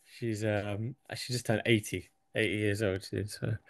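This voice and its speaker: Speaking a little slowly in a lowish voice, the young English fighter keeps things casual as a UFC guest in an interview. He swears liberally and laughs between thoughts, sounding at ease, and the studio audio is clean with no room sound.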